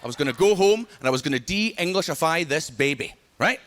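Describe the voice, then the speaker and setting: A man with a Scottish accent from Scotland doing an animated stand-up set, telling stories with punchy asides to the crowd. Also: on the high side, fairly quick. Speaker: stand-up comedian. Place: large TV studio stage before a live audience. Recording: loud audience laughter, noisy stage.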